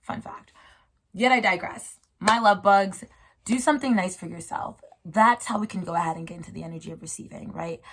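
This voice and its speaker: A woman with a low-set, gravelly voice talks through a casual solo video about spirituality. She wanders off topic and laughs at herself, mixing slang with warm encouragement for her listeners. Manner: rambling, playful, warmly encouraging, slangy. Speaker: host.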